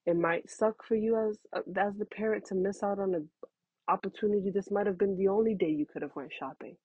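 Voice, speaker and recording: Frank, husky woman giving parenting advice. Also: medium pitch, a little fast, dry recording, narrow, tinny audio. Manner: frank, conversational, addresses listener as honey and baby. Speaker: parenting talk host. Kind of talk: casual advice talk.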